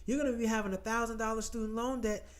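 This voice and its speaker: A man's voice: very high-pitched, steady tone, quick pace. A man hosting casual commentary, emphatic and blunt, repeating his points. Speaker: host.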